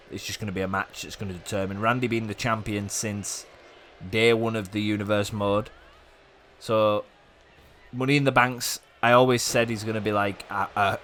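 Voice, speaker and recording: A man hosting a gaming video, giving chatty play-by-play commentary that rambles and jumps up with excitement at big moves. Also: lowish voice, a little hiss or hum. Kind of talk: casual play-by-play game commentary.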